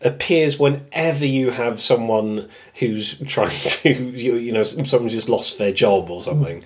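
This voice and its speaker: A British man hosting a casual podcast, talking at a middling pitch. He is chatty and breaks into laughs as he runs down a list of favourite moments. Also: measured pace. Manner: chatty, laughs often while listing quotes. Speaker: podcast host. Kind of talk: casual chat.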